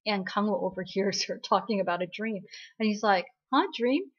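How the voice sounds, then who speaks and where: A woman's voice: medium pitch, little pitch movement, brisk, husky, dull audio. A woman giving a casual, bubbly drama recap, telling the story in a chatty way and often checking in with "right?".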